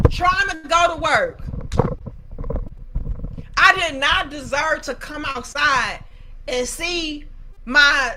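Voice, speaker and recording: High, bright-voiced profane woman host. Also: slight background noise, rough recording. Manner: profane, dramatic storytelling. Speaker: commentary channel host. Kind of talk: casual commentary on viewer comments.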